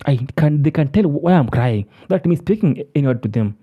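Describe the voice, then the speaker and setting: A speaker preaching in an impassioned monologue. The voice is mellow and dark in tone, but the pitch swings widely. Key words get hammered through repetition. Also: expressive, brisk, few pauses. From Africa. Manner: emphatic, preachy, repeats words. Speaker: commentator.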